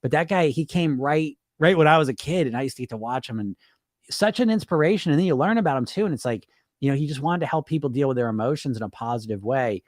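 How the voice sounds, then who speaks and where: A man hosts a weight loss podcast in a loose, conversational way. He laughs easily and slips into quick acted-out voices. His middle-pitched voice is recorded dry and close. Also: lively intonation, dry recording. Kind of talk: casual talk.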